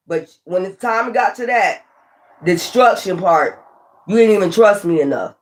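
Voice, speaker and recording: High-voiced, preachy male tarot reader. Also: animated, measured pace. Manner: preachy, profane, repeats catchphrases. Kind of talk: casual spoken tarot reading.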